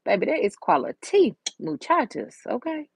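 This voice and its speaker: A woman's voice: high-pitched, very animated, moderate pace, gravelly, dry recording. A woman, chatting and storytelling with slang while doing nail art. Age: 30s. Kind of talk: casual chat while doing nails.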